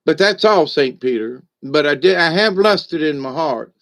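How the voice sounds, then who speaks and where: A man's voice: fairly high pitch, lively intonation, moderate pace, gravelly, fairly bright tone. A man voicing a woman sheepishly confessing to Saint Peter in a told joke. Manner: hesitant, sheepish.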